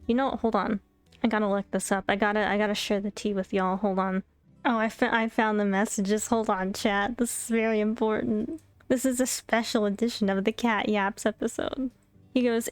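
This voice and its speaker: A young adult woman streamer telling a story in casual chat, animated and chatty, laughing often and bursting into exasperated disbelief. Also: mid-range voice, normal speed, clean tone, no room sound, faint music behind. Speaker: VTuber streamer. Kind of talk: casual storytime chat while playing a game.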